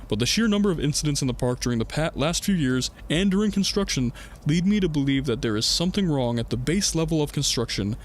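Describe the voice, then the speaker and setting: A man's voice: on the high side, a little hiss or hum. A young man streaming a horror game, reading in-game notes aloud and joking casually into a desk mic. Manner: reads in-game notes aloud, jokey, laughs. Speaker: gaming streamer. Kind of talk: casual let's-play commentary.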